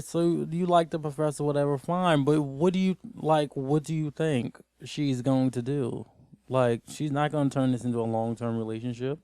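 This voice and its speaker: A man's voice: on the high side, clean tone, no room sound, studio quality. A man giving a casual, rambling TV episode recap as host, sounding exasperated throughout.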